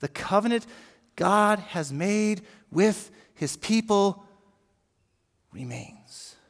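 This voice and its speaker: A man's voice: high voice, lively intonation, drawn-out words. A man preaching a conversational sermon as pastor, often repeating words and asking rhetorical questions. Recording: echoey hall with long reverb.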